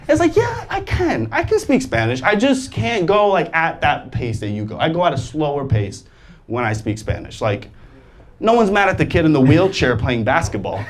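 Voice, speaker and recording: A young adult man performing a stand-up comedy set on stage, animated, jumping into loud exaggerated voices for the people he quotes and laughing through his lines. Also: fairly high pitch, moderate pace. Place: comedy stage before a live audience. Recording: live stage mic with clear audience noise. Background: audience laughter.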